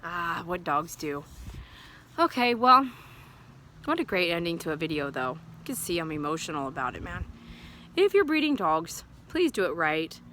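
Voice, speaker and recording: A woman's voice: lowish voice, sing-song, moderate pace, sharp tone, slight background noise. Earnest, rambling woman vlogging outdoors. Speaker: dog groomer. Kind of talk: casual vlog talk to viewers. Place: outdoors at sundown.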